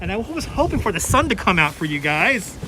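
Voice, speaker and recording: A man chatting as a local guide on a live stream, quick to laugh, outdoors on a boardwalk. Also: sits high, big pitch swings. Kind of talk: casual chat on a live stream. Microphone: wireless clip-on mic. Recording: city traffic noise outdoors.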